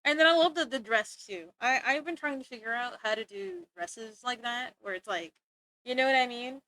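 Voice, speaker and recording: A woman's voice: fairly high pitch, normal speed, pushed and bright. A woman chatting casually to her viewers while streaming art, bubbly and laughing often. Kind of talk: casual livestream chat.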